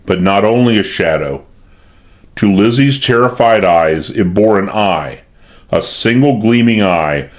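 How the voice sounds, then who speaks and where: Lively, low-voiced man narrating. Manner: dramatic, suspenseful reading. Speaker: audiobook narrator. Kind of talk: scripted narration of a mystery novel.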